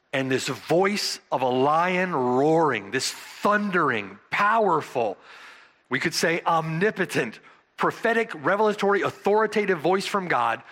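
A man delivering an expository sermon in a bright, forceful voice. His pitch rises and falls widely as he draws out key words for emphasis, then turns to his listeners with rhetorical questions. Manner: emphatic, dramatic slow stresses on key words; asks the congregation rhetorical "right?". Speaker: preacher.

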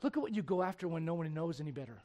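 High-voiced man preaching with rising fervor. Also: animated, rapid-fire. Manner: rising to loud emphatic preaching, dropping to quiet asides; acts out quoted voices in conversational asides. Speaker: pastor. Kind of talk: sermon.

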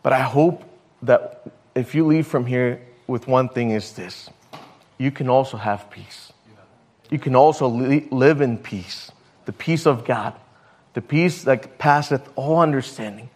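A man preaching a sermon, telling a story and stumbling over his words now and then. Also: medium pitch. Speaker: pastor.

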